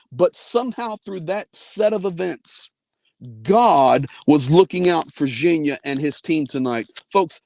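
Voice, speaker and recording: A man's voice: a little high, a little mellow, a little hiss or hum. A man hosting a live faith-based update from inside his car, telling a story earnestly and quoting others. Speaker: host.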